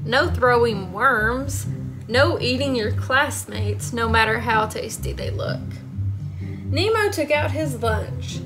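Brief high-voiced woman librarian, unhurried animated storytime reading, music behind. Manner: animated, asks children questions. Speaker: children's librarian. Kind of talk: children's storytime read-aloud.

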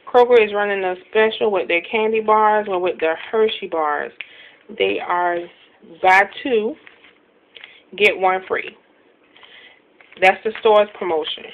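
A woman in a casual home haul video, talking quickly and chattily about her shopping with many ums and self-deprecating asides. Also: medium pitch, a bit bright. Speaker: couponing vlogger showing a grocery haul. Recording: tinny phone-like sound, faint hiss.

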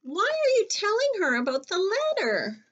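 A woman voicing an eager, chatty young male rabbit in a storybook, talking high and excited. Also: normal speed, dull audio, exaggerated voice.

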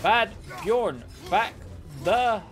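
Excitable jokey man, high lively voice. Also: very slow. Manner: excitable, jokey, talks to game characters. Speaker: gaming commentator. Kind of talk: let's play commentary. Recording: game music playing behind the voice. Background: game soundtrack music.

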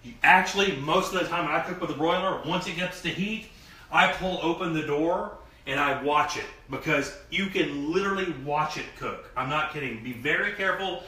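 A man hosting a live cooking show, talking in an animated, emphatic, joking way while he cooks. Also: on the high side, normal speed, roomy sound. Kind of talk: live cooking demo chat.

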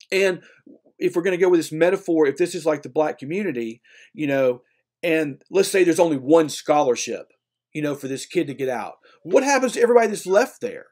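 Speaking at a moderate pace in a voice on the high side, this man teaches a literature class in a chatty way, frequently tossing in "okay?" and "right?". When he retells scenes, he gets lively and performs the characters' voices.

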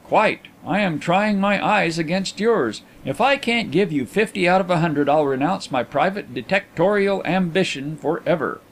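A man voicing a calm gentleman detective in an audiobook, measured and dryly ironic. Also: high-pitched.

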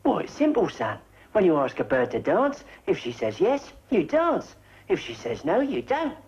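An actor playing a swaggering, bossy army corporal in a 1950s film comedy. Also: male voice, high voice, huge pitch swings, normal speed, darkish tone, breathy edge, heavily acted. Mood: cocky. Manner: swaggering, bossy advice-giving. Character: cocky streetwise army corporal, man. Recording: muffled hissy 1950s film soundtrack.

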